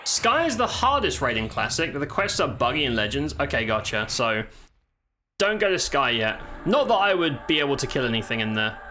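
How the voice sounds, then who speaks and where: Animated swearing gaming streamer man. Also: mid-range voice, fairly quick, slight background noise. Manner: swearing, exclaiming, chatting to viewers. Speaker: game streamer. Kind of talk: live gameplay commentary. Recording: game music underneath. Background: faint game music.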